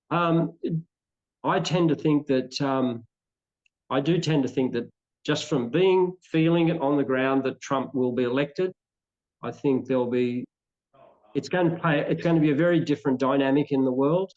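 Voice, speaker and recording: Australian male interview guest, mid-pitched, strongly opinionated and meandering, lo-fi sound. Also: darkish tone. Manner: opinionated, rambling with frequent restarts. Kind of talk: conversational interview.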